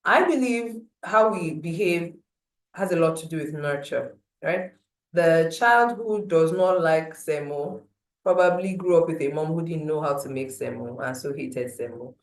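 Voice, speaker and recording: Woman, public speaking coach, slightly low voice, expressive, echoey room. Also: measured pace. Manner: expressive, emphatic, with playful asides. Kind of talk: workshop talk.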